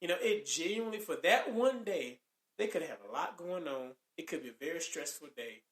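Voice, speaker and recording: A man co-hosting a podcast in casual chat, animated and acting out quoted lines. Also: fairly high pitch, a little fast, roomy sound. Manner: animated, acts out quoted lines, laughs often. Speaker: podcast co-host.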